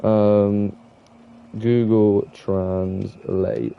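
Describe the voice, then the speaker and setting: A man's voice: fairly low pitch, flat delivery, very slow, creaky, clear, resonant tone, narrow, tinny audio. Rambling young Englishman chatting with viewers. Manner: rambling, self-admitted waffling with many restarts. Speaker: streamer. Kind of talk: casual gaming stream chat.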